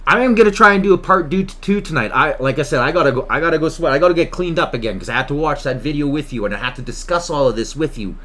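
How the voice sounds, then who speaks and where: A man's voice: a little high, expressive, fast talker, few pauses, bright, forceful tone. A man from Canada hosting his own political vlog, worked up and emotional, talking in an agitated, impassioned way and repeating himself. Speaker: political vlogger host.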